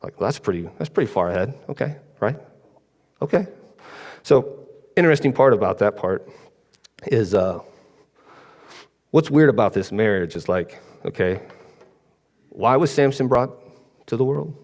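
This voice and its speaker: A man's voice: mid-range voice, expressive, unhurried, pauses often, darkish tone, big-room sound. A man giving a casual, rambling sermon, often checking in with listeners. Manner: chatty, rambling, asks the congregation "right?" often. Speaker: preacher. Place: church hall.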